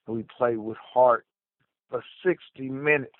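A man's voice: medium pitch, unhurried, dry recording. A man calling in to a fan radio show, passionate and profane, repeating his lines like chants. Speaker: caller. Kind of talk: fired-up fan call-in. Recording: tinny phone line.

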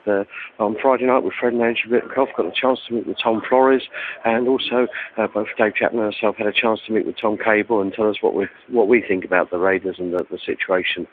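A man's voice: on the low side, steady tone, fast, soft background music. A man phoning in a chatty message full of thanks, with hesitant fillers. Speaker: fan correspondent. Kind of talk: phoned-in message. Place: airport. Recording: tinny phone line from an airport.

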